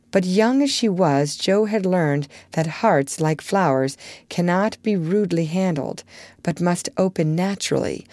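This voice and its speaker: Low-voiced woman narrating a classic novel. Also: a little mellow, dry recording. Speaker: audiobook reader.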